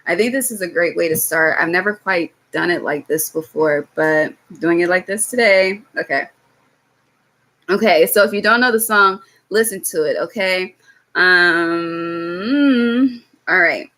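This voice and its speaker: A young woman with a slightly low voice gives a tarot reading on a live stream. She talks casually and bluntly, swearing freely, and keeps checking in with her viewers with "okay?". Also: unhurried, sharp tone. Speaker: tarot reader.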